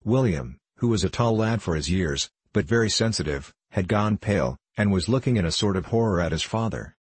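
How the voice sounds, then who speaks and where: Audiobook narrator, male, low husky voice, dry close sound. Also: animated, brisk, no room sound.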